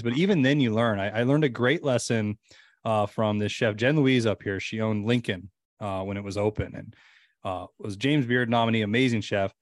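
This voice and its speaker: A man guest on a podcast, chatting casually as an animated storyteller with lots of fillers. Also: lowish voice, normal speed, dry recording, clean studio sound.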